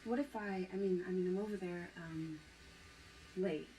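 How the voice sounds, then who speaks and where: An actress playing a young female film student who talks in a halting, hesitant way, in found-footage style. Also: lowish voice, mellow, slight background noise, close to an everyday voice, rough recording. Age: young adult.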